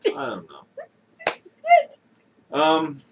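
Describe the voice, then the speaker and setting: A man's voice: a little high, lively intonation, drawn-out words. A man co-hosting a casual banter show, joking and teasing his partner with bursts of laughter. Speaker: podcast co-host. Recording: faint background noise and clicks.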